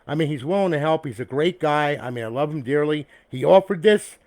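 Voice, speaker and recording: Speaking a little high, a little fast, and a bit mellow, this console builder chats to camera about a completed build. He wanders from point to point, ending most with "okay?" or "all right?", swearing bluntly and treating viewers like pals. The external mic he uses instead of the camera's own gives a sound with no room in it.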